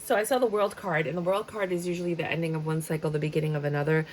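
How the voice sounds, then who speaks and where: A woman's voice: sits low, fairly even intonation, rapid-fire, a little hiss or hum, poor audio. A woman giving a casual tarot reading, chatty and dramatic, sometimes slipping into a sing-song tone. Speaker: tarot reader.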